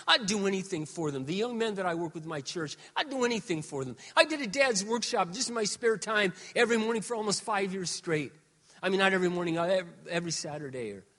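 A man in his sixties preaching a sermon as pastor, moving between quiet, confiding talk and loud, shouted exhortation. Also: sits high, in a large hall. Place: church sanctuary.

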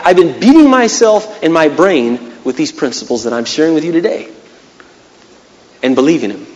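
A male preacher giving a conversational sermon, animated and acting out little scenes. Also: on the high side. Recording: long hall reverb.

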